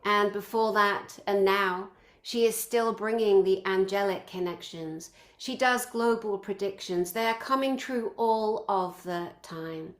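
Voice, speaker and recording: Woman, conference organizer, unhurried delivery, gushing praise, speaker introductions. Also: medium pitch. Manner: effusive, piling up praise in lists.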